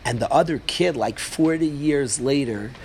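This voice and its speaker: A man giving an informal Torah class as a rabbi, telling a story with lively energy and asking his listeners questions. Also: mid-range voice, normal speed, vocal fry, slight background noise. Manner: animated storytelling, asks the audience.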